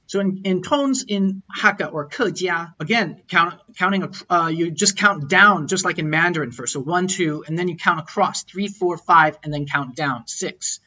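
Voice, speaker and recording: A man's voice: sits high, bright, forceful tone. A man teaching an online lesson over slides, explaining patiently and sounding out tones as examples. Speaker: language teacher. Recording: dull lo-fi audio.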